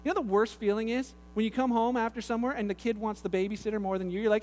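A man's voice: extremely high pitch, quick pace, hardly any pauses, slight background noise. A man preaching a sermon, pastor's chatty storytelling with asides. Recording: echoey hall with long reverb.

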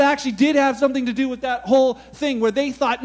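Brief: male pastor, very high voice, chatty sermon, faint mains hum. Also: fairly even intonation, fast. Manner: casual, conversational, asks the audience questions.

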